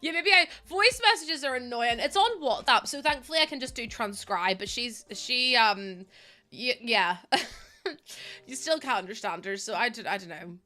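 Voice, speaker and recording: Bright-voiced Irish woman in her twenties. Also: a little high, lively intonation, normal speed. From Ireland. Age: 20s. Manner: chatty, rambling, laughs often. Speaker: streamer. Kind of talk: casual chat while gaming. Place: at home.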